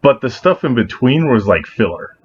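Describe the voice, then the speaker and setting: A man co-hosting a podcast, rambling in casual chat, profane, with animated asides. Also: mid-range voice, normal speed, slightly rough. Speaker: podcast co-host. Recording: dull lo-fi sound with faint noise.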